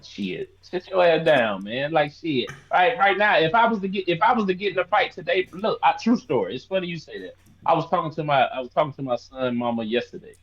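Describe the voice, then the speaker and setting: Animated, swearing man in his thirties. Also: on the high side, fairly quick, highs cut off. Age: 30s. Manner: loud, animated, swearing banter. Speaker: podcast co-host. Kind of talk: casual sports chat.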